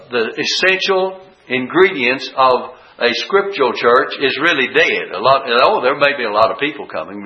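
A man's voice: mid-range voice, sharp tone. An older man preaching a Bible-teaching sermon, explaining verse by verse and repeating phrases for emphasis. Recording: dull lo-fi church recording.

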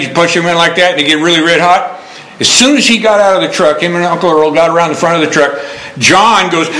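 A man's voice: on the high side, sharp tone, reverberant, a little hiss or hum, rough recording. A man preaching a sermon, quoting scripture and telling homespun stories in a folksy manner. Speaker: pastor.

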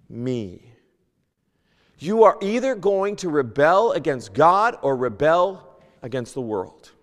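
A man teaching a Sunday school lesson, reading King James scripture aloud and moving between loud emphasis and hushed asides. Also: a little high, in a large hall. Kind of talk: Bible teaching, sermon. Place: church.

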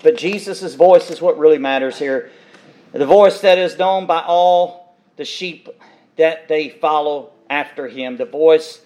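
Male preacher with a high voice, delivering an impassioned sermon with dramatic swings in volume. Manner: impassioned, emphatic, swings between loud and hushed.

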